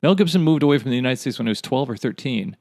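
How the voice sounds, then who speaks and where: A man's voice: mid-range voice, animated, very fast, vocal fry, darkish tone, no echo, studio quality. A man co-hosting a podcast in casual chat, rambling and speculating, laughing at his own stories. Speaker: podcast co-host.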